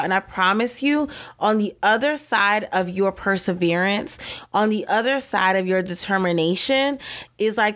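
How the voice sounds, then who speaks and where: A woman's voice: medium pitch, fairly bright tone. A young woman hosting her own podcast, talking in an effusive, encouraging way and repeating phrases for emphasis. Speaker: podcast host. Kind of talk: motivational solo podcast talk.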